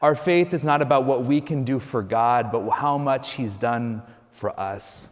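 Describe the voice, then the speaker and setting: A man, a Catholic priest, preaching a homily in a relaxed, storytelling way, often adding "you know". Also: mid-range voice, a little slow, in a large hall.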